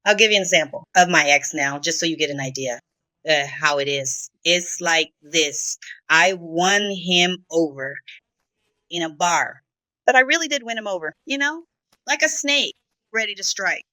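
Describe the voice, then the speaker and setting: A woman's voice: lowish voice, lively intonation, normal speed, sharp tone, no room sound, rough recording. A middle-aged woman from Brazil, a guest in an interview, telling her own story emotionally. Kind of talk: confessional interview talk.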